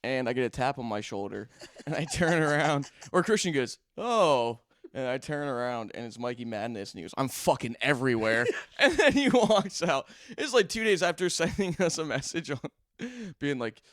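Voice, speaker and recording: A man jokes around on a podcast, laughing often and swearing casually. His voice sits at an ordinary middle pitch. The recording is close and dry. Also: lively intonation, normal speed, a bit bright, no echo. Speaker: podcast co-host. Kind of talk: casual chat. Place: studio.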